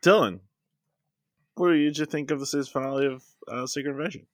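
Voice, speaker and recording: A man's voice: mid-range voice, a little fast, no room sound, studio quality. A man hosting a casual podcast, introducing his co-hosts with playful flourishes. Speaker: podcast host.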